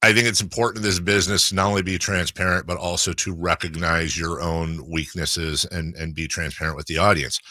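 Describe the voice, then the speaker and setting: A man's voice: low voice, fairly even intonation, brisk, few pauses, bright, forceful tone, no room sound. A man hosting sports radio talk, earnest and emphatic, often repeating himself as he builds a point into a studio mic.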